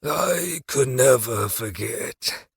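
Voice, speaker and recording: A man voicing a broken, spiteful prisoner with a slurred, hollow corpse voice, speaking slowly. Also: medium pitch, expressive, creaky, slightly rough, no echo, clean studio sound, voice pushed up, heavily acted.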